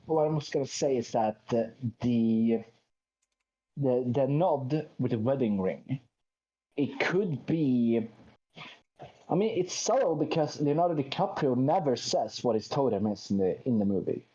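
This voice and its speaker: Casual co-host, a man with a warm, relaxed tone; insistent explainer; muffled low-fi mic. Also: measured pace. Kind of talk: casual chat. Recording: dull lo-fi mic.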